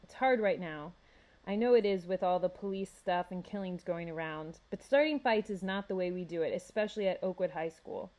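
A woman's voice: lowish voice, fairly quick, a little mellow, close to an everyday voice. A woman reading aloud as a confident, charming teenage elk boy who talks in a self-assured way. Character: smooth, confident teen elk boy, school president.

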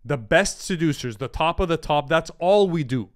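A man's voice: fairly high pitch, lively intonation, normal speed. A man talking as a dating coach in a brash, emphatic and profane advice monologue.

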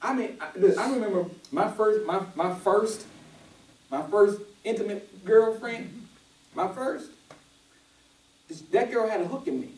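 Lively pastor guy with a high voice, preaching and acting out little scenes, sounds far off in a roomy church. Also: measured pace, long pauses. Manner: animated storyteller who acts out quoted voices, casual dialect. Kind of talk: conversational sermon. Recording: roomy church audio from a distance.

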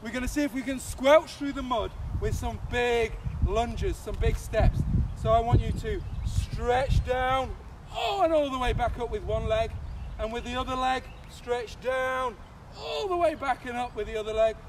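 A man coaching young children through a playful movement game, animated and full of sound effects. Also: extremely high pitch, moderate pace, background noise. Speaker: kids' soccer coach.

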